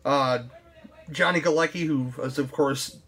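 A man's voice: fairly high pitch, a little slow, a bit bright. A man co-hosting a podcast in casual chat, rambling and often repeating his first words. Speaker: podcast co-host.

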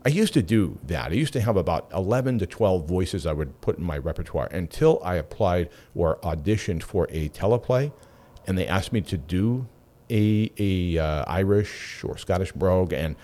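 A low-pitched middle-aged man talks at normal speed while hosting a casual radio show. He spins stories in an animated, chatty manner and often wanders into asides.

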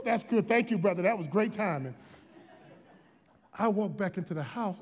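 A middle-aged male pastor from Washington, D.C., preaching a sermon with a notably high voice for a man. His delivery is emphatic and dynamic, moving from shouted lines to hushed storytelling. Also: expressive, normal speed.

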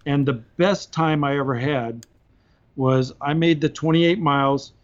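A man, a podcast guest, tells a long story in a relaxed, chatty way and chuckles now and then. His voice sits slightly high for a man. The recording is a bit muffled and lo-fi. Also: unhurried. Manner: animated, laughs between points. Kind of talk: casual anecdotal storytelling.

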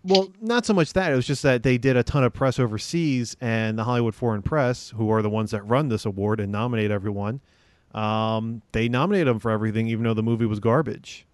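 A man's voice: medium pitch, a little fast, no echo. Hesitant man with a dry podcast mic. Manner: hesitant, lots of ums and restarts. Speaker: podcast co-host. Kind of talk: casual chat.

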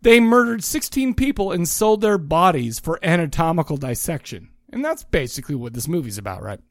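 A man's voice: a little high, lively intonation, fairly quick, no room sound, studio quality. A man co-hosting a casual podcast, rambling and joking as he chats about films. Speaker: podcast co-host. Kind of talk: casual movie and music chat.

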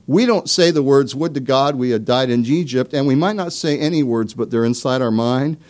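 A man's voice: medium pitch, moderate pace, few pauses, a little mellow. A man preaching a sermon in a conversational way, with asides and small laughs, asking his listeners direct questions. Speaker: pastor.

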